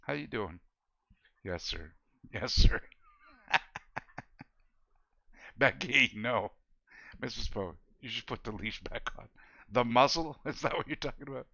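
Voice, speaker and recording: A man's voice: medium pitch, animated, unhurried, vocal fry, long pauses, bright, forceful tone, no room sound, lo-fi sound. A man streaming a video game, chatting casually with viewers in a laid-back, joking way and laughing often. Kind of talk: casual gameplay chat with viewers.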